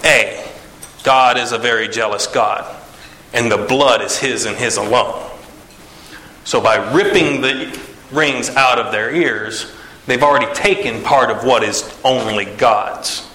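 A man retelling a Bible story in a casual, animated way, acting out the characters with sighs and jumps in pitch. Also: a little slow, a little hiss or hum. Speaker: preacher. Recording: echoey room.

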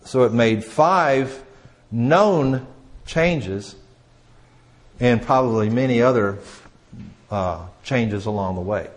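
This classroom lecture comes from a man with a medium-pitched voice who speaks slowly with long pauses. His conversational style includes many restarts and questions for the audience, and his voice fades quietly at phrase endings.

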